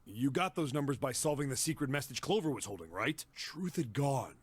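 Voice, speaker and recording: A man's voice: medium pitch, expressive, fairly quick, husky. An actor playing a practical, matter-of-fact man in a game who urges others on. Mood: urging. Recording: faint game music underneath.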